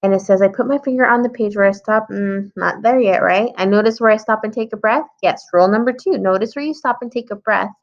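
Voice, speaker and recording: Talking fast with few pauses in a mid-range voice, a woman teacher works through a writing lesson for young children. She thinks aloud patiently as she edits her story; the sound is a little dull and lo-fi.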